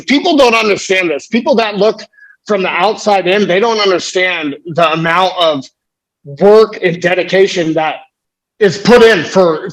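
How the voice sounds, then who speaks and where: An American man with a high-sitting voice, recorded on poor audio, appears as a podcast guest. He chats casually but in a fired-up, emphatic way, swearing often.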